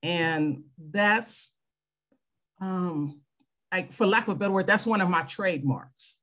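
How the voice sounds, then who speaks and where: A woman's voice: on the low side, takes it slowly, a bit bright. Earnest woman in her fifties on a call. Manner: earnest, faith-centered, speaks from personal experience. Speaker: clinic worker and military veteran. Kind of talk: scripture reading and conversation on a video call. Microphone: video call.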